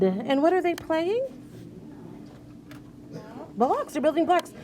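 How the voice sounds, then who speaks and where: A woman teaching young children to read, coaxing them along as she sounds out each letter. Her voice sits high and bright. She takes her time, with an unhurried pace. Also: sing-song, slight background noise. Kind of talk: reading lesson for young children.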